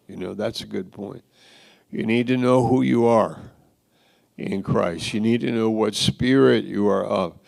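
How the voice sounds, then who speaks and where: A man delivers a sermon with a low, gravelly voice. He speaks slowly and deliberately, swinging from loud exclamations to hushed asides. It sounds like a church pulpit. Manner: dramatic, shifts from loud exclaims to quiet asides. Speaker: pastor.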